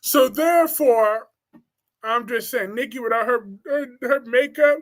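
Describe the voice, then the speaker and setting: A high-voiced man hosting a casual live stream and answering comments from the chat. His manner is blunt, crude and gossipy. He teases a lot and his volume swings quickly between outbursts and quiet asides. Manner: teasing, quick swings in loudness. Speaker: host of a live soap opera talk stream.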